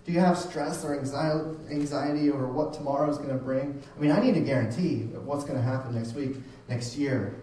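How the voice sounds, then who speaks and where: A man's voice: mid-range voice, a little fast, hardly any pauses, warm tone. Echoey preacher man, talking off-mic. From United States. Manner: conversational, repeats words and restarts often. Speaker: pastor. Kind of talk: sermon. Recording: very echoey room, voice from a distance, faint hum.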